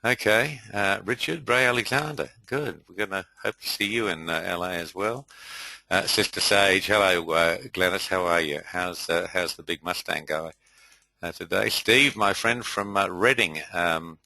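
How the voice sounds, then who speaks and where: Low-voiced chatty man hosting. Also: gravelly, pushed and bright, dry recording, poor audio. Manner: chatty, hesitant, with frequent filler pauses. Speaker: webinar host and trading tutor. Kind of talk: live webinar presentation.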